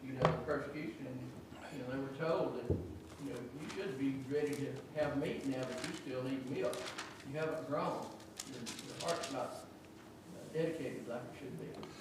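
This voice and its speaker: A man in a Bible study class offers a quiet, hesitant comment, full of small fillers. He is far from the mic, in a very echoey room. Loud background noise sits over him. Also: medium pitch, moderate pace. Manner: soft-spoken, hesitant with fillers. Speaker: class participant.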